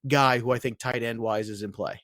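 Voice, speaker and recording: A man co-hosting a casual fantasy football podcast, talking in an excitable, emphatic way and laughing often. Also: medium pitch, fairly quick, no room sound, studio quality. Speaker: podcast co-host.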